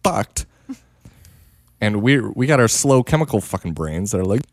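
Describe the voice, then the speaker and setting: A man's voice: lowish voice, very animated, normal speed, no room sound, clean studio sound. A man joking in a casual group chat, swearing a lot and playing bits.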